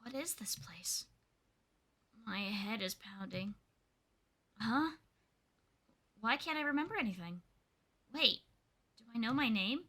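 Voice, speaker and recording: A woman voicing a confused young turtle creature with lost memory, reading game lines in a soft, hushed way. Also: on the high side, lively intonation, takes it slowly, pauses often, breathy edge, heavily acted. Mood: bewildered.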